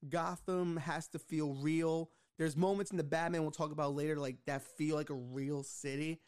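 A man in casual film discussion who agrees readily and chimes in with quick affirmations. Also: fairly high pitch, steady tone, darkish tone, smooth.

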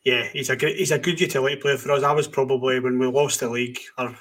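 A man co-hosts a casual podcast in a flat, even voice. He gives blunt opinions and answers his own rhetorical questions. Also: mid-range voice, fast. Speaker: podcast co-host.

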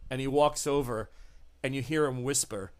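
A man running a tabletop horror game as game master, narrating scenes in an unhurried, descriptive way. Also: medium pitch, a little mellow. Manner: unhurried, descriptive, laughs with players.

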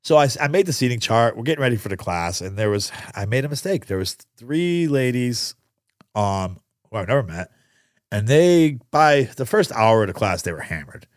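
A man's voice: mid-range voice, sing-song, normal speed, no room sound. Man, casual host, enthusiastic, rambling storyteller, dead dry sound. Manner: chatty, enthusiastic, many fillers. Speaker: podcast host reviewing restaurants.

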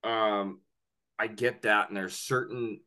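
A man's voice: fairly low pitch, takes it slowly. A man hosting a podcast in casual chat, swearing freely and telling stories animatedly. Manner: profane, animated storyteller. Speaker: podcast host.

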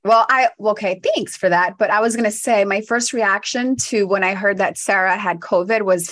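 A woman co-hosting a podcast, telling a lively story in casual chat and laughing often. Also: mid-range voice, normal speed, few pauses. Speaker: podcast co-host.

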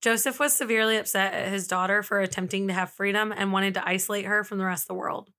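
With a sharp, medium-pitched voice, steady tone and quick pace, a woman hosts a podcast episode on a true-crime story. She's breezy and talkative, quick to laugh, and relies heavily on "like."

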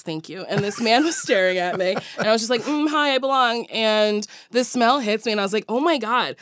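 A woman's voice: medium pitch, dry recording, clean studio sound. A woman guest on a podcast, telling a story in casual chat, swearing freely and acting out the people in it. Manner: animated, swears freely, acts out voices in anecdotes. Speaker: guest comedian.

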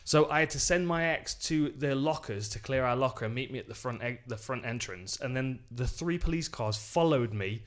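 A man's voice: mid-range voice, normal speed, hardly any pauses. A man co-hosting a casual chat and telling a long anecdote at an easy pace. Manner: relaxed anecdote teller who quotes himself. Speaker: podcast co-host.

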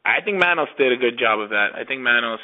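A man talking as a podcast guest in casual conversation, halting with many restarts. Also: mid-range voice, animated, narrow, tinny audio.

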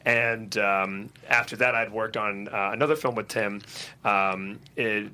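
A man's voice: on the low side, a little slow. A young adult man from North Carolina, an actor guest telling stories in a casual panel chat, laughing often. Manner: relaxed storytelling, laughs often.

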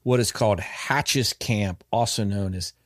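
A man's voice: lowish voice, a little slow, no echo, studio quality. A man hosting a podcast, telling a story in casual chat. He rambles, restarts often and uses many fillers.

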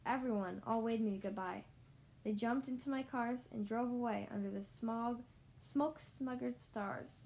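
A woman reading a rhyming storybook aloud, rhythmic and sing-song, slowing down for emphasis. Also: fairly high pitch, gravelly, a little mellow, a little hiss or hum, low-quality recording. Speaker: storybook reader.

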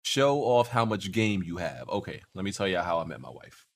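Young male podcast host, low voice, swings up and down a lot, slangy, repeats himself, casual storyteller. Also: big pitch swings, normal speed, a little hiss or hum. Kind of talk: casual gaming podcast chat.

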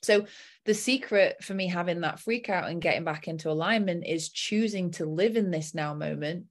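A woman's voice: fairly low pitch, normal speed. A young adult woman coach telling a personal story in a casual chat and acting out her own inner voice.

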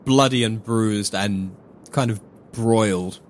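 A man's voice: on the low side, takes it slowly. A man narrating casually as game master in a tabletop role-play game.

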